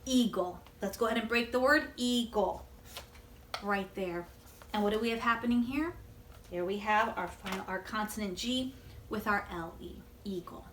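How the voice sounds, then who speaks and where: A woman teacher giving a video word-study lesson to young children, gently encouraging them and pausing for answers. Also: a little high, echoey room, a little hiss or hum.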